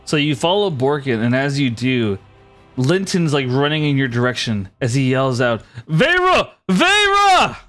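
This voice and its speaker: A man's voice: medium pitch, normal speed, faint music behind. A young man narrating as game master in loose casual speech full of fillers.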